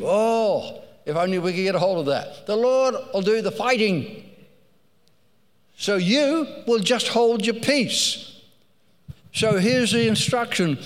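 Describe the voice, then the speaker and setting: A man's voice: sits high, animated, takes it slowly, big-room sound. A man preaching a sermon, telling stories with animation and repeating phrases for emphasis.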